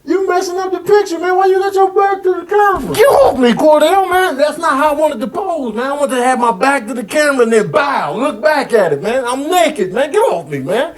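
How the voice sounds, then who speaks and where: A man doing a high cocky streetwise animal. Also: lively intonation, fairly quick, hardly any pauses, poor audio. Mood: exasperated. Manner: high-pitched, loud, slangy banter. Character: swaggering streetwise male animals in a pack. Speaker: comedian voicing animals. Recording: clip with loud audience laughter.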